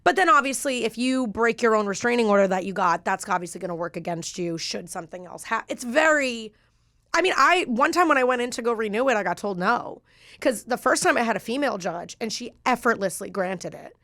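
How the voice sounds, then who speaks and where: Chatty woman with a high voice. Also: expressive, fairly quick, a bit bright, dry recording, clean studio sound. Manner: chatty, with frequent fillers and laughter. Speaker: guest comedian. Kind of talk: casual chat, personal storytelling.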